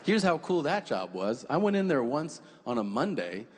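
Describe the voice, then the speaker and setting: A man's voice: medium pitch, normal speed. A young man performing a stand-up comedy set, telling a story with profanity and acting out the other people in it. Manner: animated storytelling, acts out quoted voices, profane. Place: comedy club stage. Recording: reverberant club with faint room noise.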